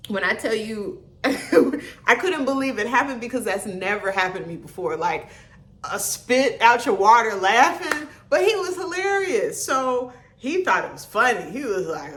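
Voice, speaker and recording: Woman vlogger, higher voice, animated casual storytelling, roomy echo. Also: moderate pace. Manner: animated, laughing, acts out quotes. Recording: echoey room.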